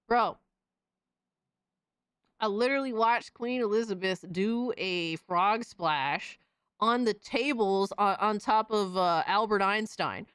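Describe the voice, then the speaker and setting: Excitable, foul-mouthed woman streamer. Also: mid-range voice, smooth, no room sound, clean studio sound. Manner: excitable, profane, reacts loudly to chat messages. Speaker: livestream host reading chat. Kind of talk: casual stream chat.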